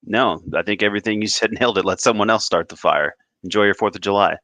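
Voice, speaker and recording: A man's voice: fairly low pitch, fast, sharp tone, no room sound. A man co-hosting a casual podcast, rambling loosely and laughing easily between thoughts. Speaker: podcast co-host.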